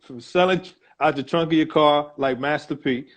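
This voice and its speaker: A man hosting an interview in a casual, encouraging way. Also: a little high. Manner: unhurried, encouraging, laughs along. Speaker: interview host.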